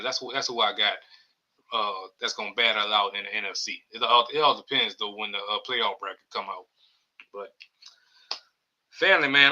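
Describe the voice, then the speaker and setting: A man's voice: medium pitch, bright, forceful tone, poor audio. A man hosting a casual live-stream sports podcast, rambling loosely and reading chat comments aloud. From New Orleans area. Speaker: podcast host.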